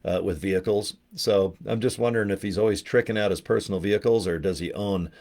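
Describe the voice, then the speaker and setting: A man's voice: lowish voice, fast talker, darkish tone. A man from Utah hosting a casual livestream vlog from his home studio, jokey and rambling, poking fun at himself. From Utah, USA. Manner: jokey, rambling, self-mocking. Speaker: network marketing vlogger.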